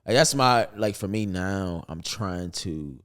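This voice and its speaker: A man's voice: deep voice, expressive, slow, a bit bright. A young man, a comedian, telling stories in a casual podcast chat, playful and laughing often. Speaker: comedian guest.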